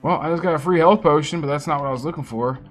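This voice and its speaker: A man streaming a fantasy role-playing game, commenting casually and excitably and swearing freely as he reacts to the game. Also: fairly high pitch, rapid-fire, faint music behind. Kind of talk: live gameplay commentary.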